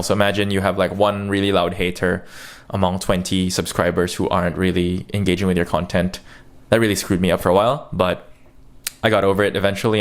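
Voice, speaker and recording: A man from the Philippines with an American accent, telling stories in a casual vlog and acting out the quotes. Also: low-pitched. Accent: American English. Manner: chatty storytelling, acts out quotes. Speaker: YouTuber.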